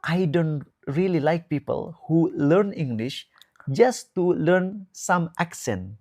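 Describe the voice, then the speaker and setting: Male Islamic teacher, Indonesian accent, unhurried drawn-out delivery, friendly guest tone. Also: on the high side, lively intonation, darkish tone. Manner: measured, drawn-out emphatic phrasing with frequent restarts. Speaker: ustadz guest giving advice. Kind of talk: relaxed preaching talk.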